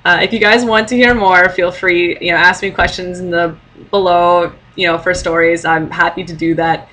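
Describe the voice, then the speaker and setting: Bright, giggly young woman vlogger. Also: on the low side, fairly even intonation, moderate pace, low-quality recording. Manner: giggly, lots of fillers and laughing asides. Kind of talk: casual storytelling to camera.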